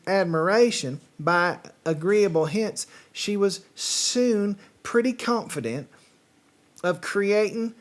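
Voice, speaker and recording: A man putting on a Southern-drawl book reader. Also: high-pitched. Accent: put-on Southern US. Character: male reader doing an exaggerated Southern drawl. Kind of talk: reading a classic novel aloud.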